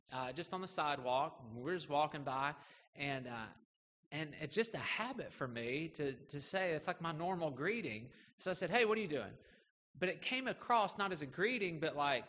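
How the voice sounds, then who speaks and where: A middle-aged man preaches from the pulpit, his voice sitting a touch high and ringing bright. He talks in a loose, self-deprecating way, full of "uh"s and restarts. A long church echo trails each phrase over faint room hum. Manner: conversational, self-deprecating storytelling with many fillers. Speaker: pastor. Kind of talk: sermon. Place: church sanctuary. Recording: reverberant hall with faint background ambience.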